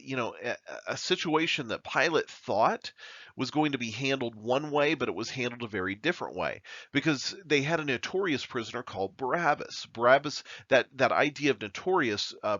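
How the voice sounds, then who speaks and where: A man's voice: mid-range voice, a bit bright, dry recording, dull audio. A man teaching verse by verse through the Bible as a pastor, talking plainly with frequent fillers and restarts.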